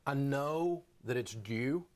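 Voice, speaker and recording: A male talk show host speaks in an animated, confessional way, with a mid-pitched voice and plain delivery. He leans into his story and then turns to welcome his guest. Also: takes it slowly. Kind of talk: television interview.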